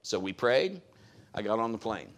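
A man's voice: on the low side, very animated, normal speed. Man preaching in a chatty storytelling way. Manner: conversational, acts out quoted voices. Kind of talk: storytelling sermon.

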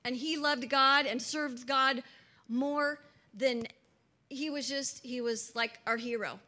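A woman's voice: high voice, steady tone, slow pace, sharp tone. A woman preaching fervently to a church gathering, emphatic and full of rhetorical questions. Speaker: church speaker. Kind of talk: impassioned preaching.

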